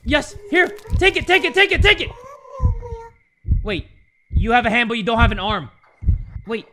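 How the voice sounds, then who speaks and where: A young man giving excitable let's play commentary on a game, breaking into shouts and yelps. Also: very high-pitched, normal speed, pauses often, a little hiss or hum. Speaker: gaming YouTuber.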